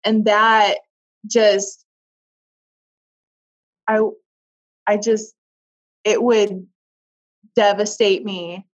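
A woman as an interview guest, telling a personal story in a candid, emotional way, often halting and searching for words. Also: mid-range voice, flat delivery. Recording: dull lo-fi audio.

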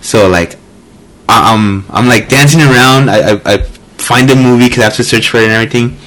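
A man guesting on a podcast in casual chat, halting and full of "like" and swearing. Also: mid-range voice, fairly bright tone, rough recording.

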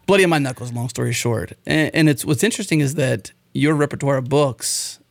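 A man hosting a podcast interview, talking in a relaxed, conversational way. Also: medium pitch, brisk, gravelly, dry recording, clean studio sound. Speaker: podcast host.

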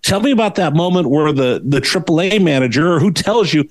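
Lively, higher-voiced man asking questions. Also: fairly quick. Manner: eager, curious questioning. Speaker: guest interviewer. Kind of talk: casual interview chat.

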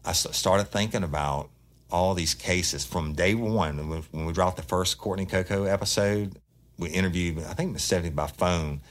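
A man's voice: low voice, moderate pace. A man hosting a true-crime podcast, telling the story in a blunt, profane, fired-up casual monologue.

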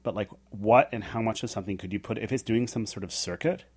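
A man's voice: fairly low pitch, quick pace, darkish tone, husky. A middle-aged man co-hosting a radio show, rambling and joking in casual chat. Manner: rambling, jokey, slips into silly voices.

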